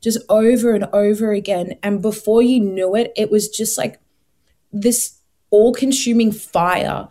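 A young woman, telling her faith story as an interview guest, earnest and animated, acting out her past thoughts. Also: mid-range voice, measured pace. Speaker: guest sharing her testimony. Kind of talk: emotional personal testimony.

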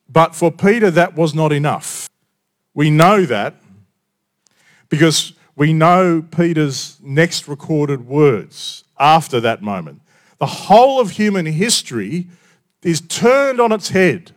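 A man preaching a sermon in a conversational storytelling way, often dropping quiet for emphasis. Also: a little high, lively intonation, a little slow.

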